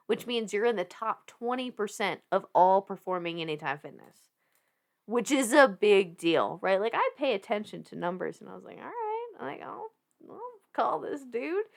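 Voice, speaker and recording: A woman in her thirties with a Southern twang tells her story on a podcast, her voice sitting at an ordinary middle pitch. She talks in an animated, loose way, laughing often and swearing without a second thought. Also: normal speed, vocal fry. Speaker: podcast guest.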